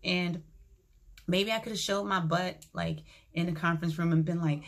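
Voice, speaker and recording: A woman vlogger casually telling a personal story to her viewers, acting out the dialogue in a calm, reflective way. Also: fairly low pitch, a little fast, gravelly.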